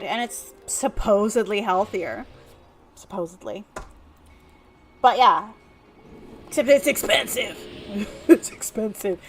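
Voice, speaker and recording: A woman's voice: on the high side, fairly bright tone. Chatty woman streaming a game. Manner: chatty, rambling, with many fillers. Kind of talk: casual gameplay commentary.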